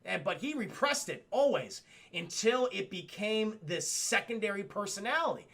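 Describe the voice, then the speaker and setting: A man's voice: high-pitched, expressive, normal speed, fairly bright tone. A man streaming a casual, profane spoiler recap of a cartoon episode to his live chat, rambling and addressing the chat directly.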